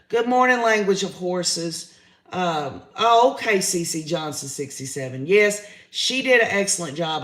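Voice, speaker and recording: A man's voice: high voice, a bit bright, reverberant. A man, hosting a livestream, giving his opinions in a chatty way and reading out viewer comments. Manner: chatty, opinionated, says y'all often. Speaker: livestream host reading chat.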